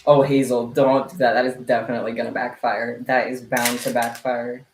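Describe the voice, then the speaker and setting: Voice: medium pitch, flat delivery, brisk, a little hiss or hum. A livestream host chatting casually with viewers, playful and teasing, laughing often. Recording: echoey room.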